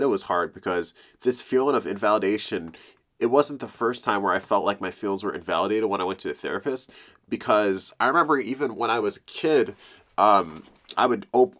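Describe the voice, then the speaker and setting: Young adult male vlogger, confessional and halting; lowish pitch, bright tone. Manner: halting, emotional, open. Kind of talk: confessional talk to camera.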